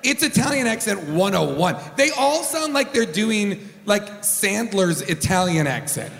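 A man co-hosting a casual comedy chat, animated and laughing, with occasional swearing. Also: high voice, measured pace, gravelly. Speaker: podcast co-host. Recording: echoey room with long reverb.

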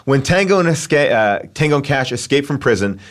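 A man co-hosting a casual podcast, reading out film trivia in an animated way, laughing often and filling pauses with "uh" and "um.". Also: mid-range voice. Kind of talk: casual chat.

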